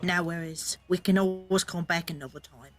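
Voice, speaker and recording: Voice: mid-range voice, fairly even intonation, normal speed. Player in a stream tabletop game, easygoing in-character lines. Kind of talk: in-character tabletop role-play.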